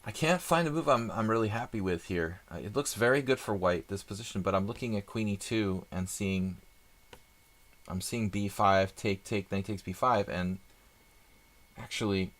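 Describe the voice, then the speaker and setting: A man's voice: lowish voice, moderate pace, a bit bright. A man doing live chess stream commentary, chatty and thinking aloud with rambling asides.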